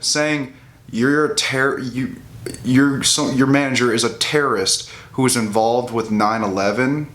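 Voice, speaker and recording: A man's voice: medium pitch, unhurried, a bit bright. Profane, heated young man ranting. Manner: profane, heated, restarts and mocking quotes. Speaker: bodybuilding vlogger. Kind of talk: ranting casual commentary.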